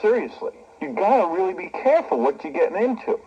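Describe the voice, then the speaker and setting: A man's voice: sits high, very animated, fast, dark tone. A man hosting a radio talk show, brash and joking, interviewing a guest. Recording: dull cassette recording of radio broadcast.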